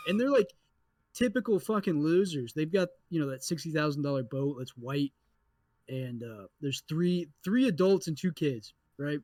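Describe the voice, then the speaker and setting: A young adult man co-hosting a podcast, telling a story in a casual, animated way with lots of swearing. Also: fairly high pitch, moderate pace, no echo. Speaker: podcast co-host.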